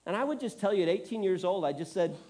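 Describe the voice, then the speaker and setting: A man's voice: sits high, expressive, fast talker, darkish tone. A middle-aged man preaching a sermon, telling stories earnestly with self-deprecating humor, choked up and tearful. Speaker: pastor.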